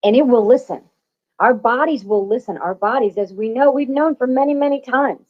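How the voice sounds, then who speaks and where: A woman's voice: fairly high pitch, moderate pace. A woman hosting a spiritual talk, speaking emphatically and repeating herself, swearing freely as she encourages listeners. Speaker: spiritual channel host. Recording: dull lo-fi audio.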